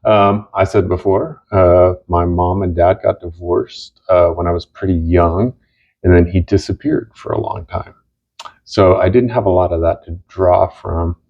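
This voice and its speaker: A middle-aged man co-hosting a casual chat, talking in a halting, heartfelt way with many fillers and restarts. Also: low-pitched, fairly even intonation, gravelly. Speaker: co-host. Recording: dull lo-fi recording.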